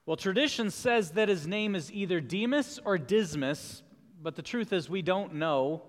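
A man's voice: sits high, expressive, normal speed, in a large hall. A man preaching a sermon in an earnest, questioning way. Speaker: pastor.

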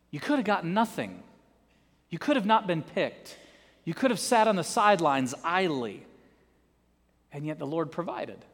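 A male preacher giving an animated sermon, telling a parable with dramatic emphasis, in a reverberant church. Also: a little high.

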